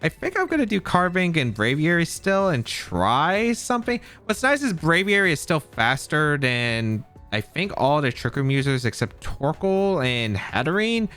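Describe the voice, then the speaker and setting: A man narrates his competitive match as it happens, weighing each move aloud and doubting his choices. His voice is bright and lively, swinging up and down in pitch. Faint music plays underneath. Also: normal speed, hardly any pauses. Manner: thinks aloud, second-guessing plays. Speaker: competitive game player. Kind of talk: live gameplay commentary.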